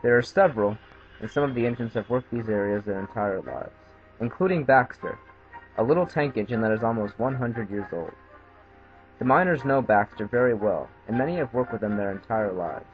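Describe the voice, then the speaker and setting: A man narrating a scripted children's train story in a steady storybook reading. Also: medium pitch, brisk, highs cut off, faint music behind.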